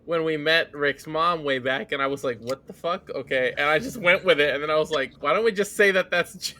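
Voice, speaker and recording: Male game master, casual and joking; bright, slightly high voice. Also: brisk. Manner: casual, joking, swears freely. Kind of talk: running a tabletop game.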